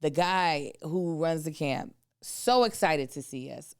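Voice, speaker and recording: A woman in her thirties, co-hosting a podcast, telling a family story in a casual, animated way and acting out the other people's voices. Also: deep voice, takes it slowly, clear, resonant tone, no echo, studio quality. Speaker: podcast co-host.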